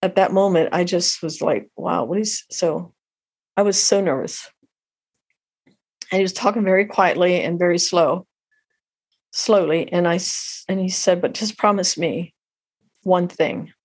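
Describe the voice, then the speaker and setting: Husky middle-aged woman, halting and heartfelt, lots of restarts, emotional personal story. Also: fairly low pitch, a little mellow. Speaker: guest.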